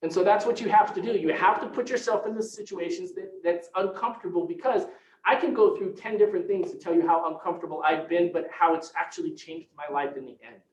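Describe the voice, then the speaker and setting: A man giving an energetic motivational sales coaching talk as a real estate team leader, acting out phone conversations in excited voices. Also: high voice, fast, echoey room, slight background noise, rough recording.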